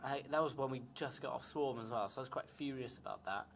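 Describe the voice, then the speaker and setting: A man's voice: medium pitch, fairly even intonation, quick pace, poor audio. Young guy rambling on a podcast, swears a lot, bit of hiss behind. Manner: chatty, swears, laughs easily. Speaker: podcast co-host. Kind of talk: casual chat. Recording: faint background noise.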